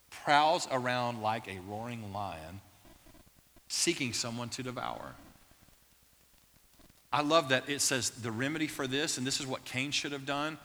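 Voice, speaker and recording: Pastor, male, preaching to a congregation; bright, cutting tone with long hall reverb. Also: mid-range voice. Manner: animated, playful asides early, turning quiet and earnest. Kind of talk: sermon.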